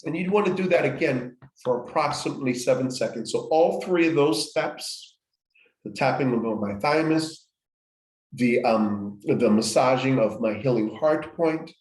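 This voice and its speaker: A man's voice: mid-range voice, unhurried. A man leading a guided healing workshop, walking listeners through each step with repeated phrases and frequent restarts. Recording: echoey room.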